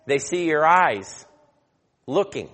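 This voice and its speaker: A man's voice: on the high side, very animated, takes it slowly. Man preaching in a reverberant hall. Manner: storytelling, grows loud and emphatic when preaching. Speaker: pastor. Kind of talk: sermon.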